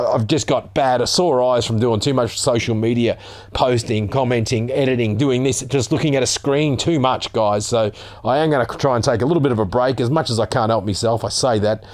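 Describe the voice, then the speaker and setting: A man's voice: medium pitch, a little fast, a little mellow. An Australian man ranting sarcastically as a vlogger, reading out a news article and swearing as he gets heated.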